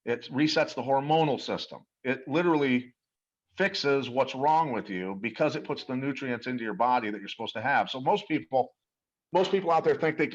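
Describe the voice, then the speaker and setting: A man's voice: mid-range voice, lively intonation, a little fast, highs cut off. A middle-aged man telling stories in an interview, earnest and emphatic, often repeating words as he goes. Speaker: interview guest. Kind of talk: animated storytelling about a product.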